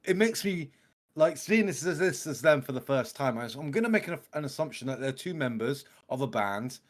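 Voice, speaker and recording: A man's voice: medium pitch, lively intonation, a little fast. Gushing man reacting to music. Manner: gushing, rambling, peppered with "mate" and "bloody". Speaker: reaction video co-host. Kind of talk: casual music reaction chat.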